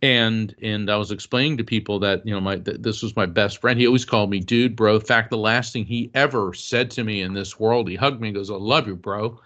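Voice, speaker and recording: A man's voice: on the low side, steady tone, fairly quick, few pauses, fairly bright tone. A man, a psychic medium and author, telling a personal story as an interview guest, earnest and emotional, acting out the lines of people in his story. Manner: earnest, emotional storyteller who acts out quotes.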